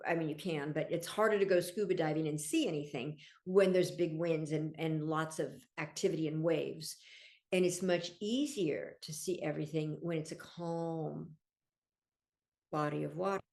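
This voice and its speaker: A middle-aged woman, a podcast guest and coach, talking in an enthusiastic, gently explanatory way and laughing easily. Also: sits low, fairly even intonation, moderate pace, vocal fry. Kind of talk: casual interview chat.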